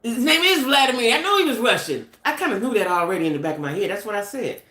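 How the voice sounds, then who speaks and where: A woman's voice: a little high, very animated, quick pace, fairly bright tone, roomy sound. A middle-aged American woman hosting a casual gossip live stream, chatty and speculative, talking straight to her viewers. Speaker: channel host.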